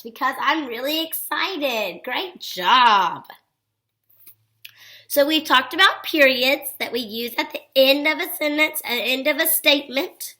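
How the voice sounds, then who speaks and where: Woman, elementary teacher, high voice, encouraging, expressive read-alouds, praise-filled. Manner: upbeat and encouraging, frequent praise. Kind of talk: phonics lesson for young children.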